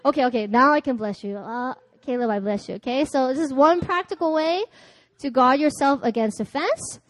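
High-voiced woman preaching a sermon. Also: normal speed. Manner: storytelling, acting out dialogue, laughing often. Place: church.

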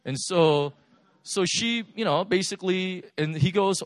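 A man preaching a sermon, telling stories in a lively, animated way with laughs. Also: high-pitched, unhurried, no room sound, clean studio sound. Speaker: pastor. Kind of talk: sermon storytelling.

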